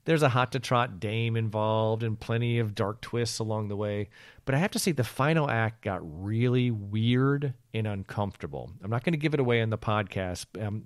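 A man co-hosting a podcast, giving a relaxed, chatty book review and laughing easily. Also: lowish voice, dry recording, clean studio sound. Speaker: podcast co-host.

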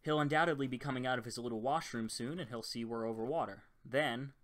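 A man voicing a middle-aged airline captain who speaks in a measured, matter-of-fact way. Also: mid-range voice, lightly acted. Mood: wry.

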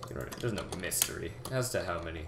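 A young man giving a rambling, halting game tutorial, full of fillers and restarts, talking as if out of breath. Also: low-pitched, animated. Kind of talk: casual gameplay tutorial. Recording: echoey room with loud background noise. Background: keyboard typing and mouse clicks.

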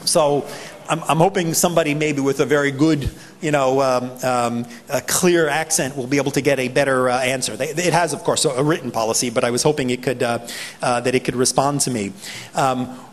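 A man with a New York accent giving a conference talk, animated and acting out people's reactions. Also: mid-range voice, fairly quick. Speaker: privacy advocate speaker. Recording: long hall reverb.

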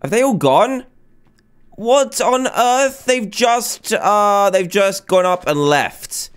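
A man hosting a video game let's play, excitable and chatty, exclaiming often. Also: sits high, slow pace, clean tone. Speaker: gaming video host.

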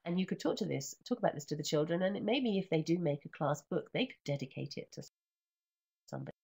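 A woman teacher trainer reads a picture book aloud over a computer microphone, breaking off to explain it. Her low, breathy voice swings widely in pitch, and she chants the refrain in a sing-song way. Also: expressive, fast talker, darkish tone. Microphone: computer microphone in an online session.

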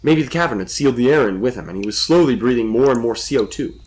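A man reading a suspenseful story as a storyteller with steady narration. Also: medium pitch, fast.

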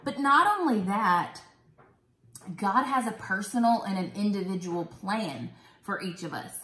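A woman's voice: mid-range voice, expressive, unhurried, pushed and bright. A woman hosting a casual Bible study talk, chatty and enthusiastic. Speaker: host. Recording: roomy echo.

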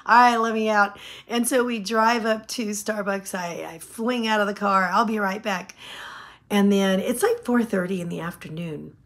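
Fifties woman vlogger, casual anecdote, laughs a lot, mid-pitched, acts out the dialogue. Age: 50s. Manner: animated, laughing often, acting out quotes. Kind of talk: casual storytelling.

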